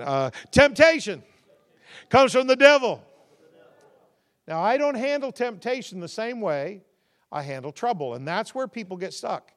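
Male pastor, high voice, preaches with climbing intensity and calls the congregation to respond. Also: fairly bright tone. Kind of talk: sermon.

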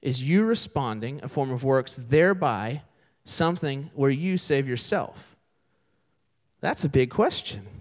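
A young man preaching a sermon in a church, telling a story and acting out its characters. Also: mid-range voice. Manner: animated storytelling with voiced characters. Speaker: pastor. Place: church sanctuary.

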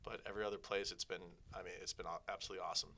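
Fast-talking, lower-voiced male volleyball coach. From Chicago, raised in Las Vegas. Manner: fast, animated storyteller, quick asides. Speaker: volleyball head coach, guest. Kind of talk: casual podcast interview.

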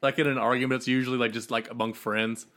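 A man co-hosting a podcast, telling relaxed stories and laughing often in casual banter. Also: medium pitch, fast talker. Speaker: podcast co-host.

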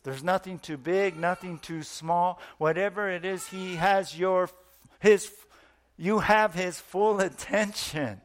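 Man, preacher, sermon, earnest, drawn-out emphasis, slightly high voice.

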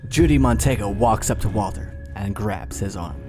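Casual game master narrator, lowish voice. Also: male voice, moderate pace, darkish tone, soft background music. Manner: casual, swears freely.

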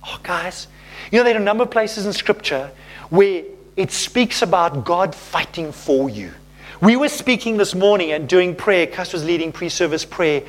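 A man's voice: high-pitched, lively intonation, normal speed. A man preaching a sermon as pastor, reading scripture and acting out playful little voices.

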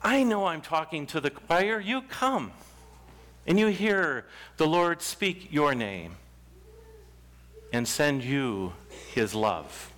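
Male pastor, sermon delivery, unhurried and emphatic reading of scripture, voice sits a touch high. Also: big pitch swings, a bit bright. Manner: slow, deliberate scripture reading with dramatic pauses. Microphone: microphone in church.

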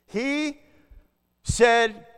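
A man preaching a sermon to a congregation, swinging between loud declarations and hushed asides and asking his listeners questions. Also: extremely high pitch, extremely slow, smooth, in a large hall. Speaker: pastor.

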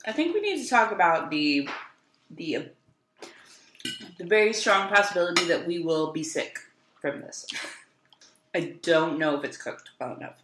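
Woman pushing forty, kinda low voice, dry self-mocking podcast host, lots of likes and ums. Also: sing-song, moderate pace, pauses often, noisy background. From Houston, United States. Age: late 30s. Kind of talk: casual chat.

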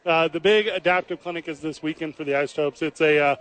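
A man hosting sports radio live from the ballpark, rattling along at a quick clip in a fairly high voice. He is brisk and playful and makes fun of himself as he hands off to the break. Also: fairly even intonation, fairly bright tone. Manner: brisk, playful, self-teasing. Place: table at a ballpark, live broadcast.

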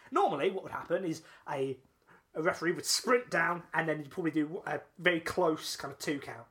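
A man co-hosting a podcast, telling a long story in casual chat, excitable and full of restarts and laughs. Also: on the high side, a little fast. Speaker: podcast co-host.

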